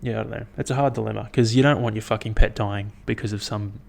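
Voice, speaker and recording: A young man hosting his own podcast, chatting in a rambling, profane, animated way as he tells stories. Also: lowish voice, fast, vocal fry, slight background noise. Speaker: podcast host. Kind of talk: casual solo podcast chat.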